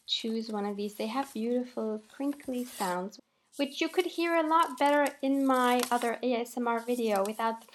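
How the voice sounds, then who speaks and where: A woman calmly narrating a voiceover for her crafting video, explaining each step with light laughs. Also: fairly high pitch, slight background noise. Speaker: craft channel host.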